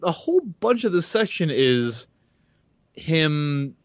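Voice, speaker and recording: A man's voice: on the high side, very animated, slow, no echo, muffled recording. A man co-hosting a podcast, casually recapping a horror novel in a loose, rambling way with restarts and casual swearing. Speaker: podcast co-host. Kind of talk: casual chat recapping a book.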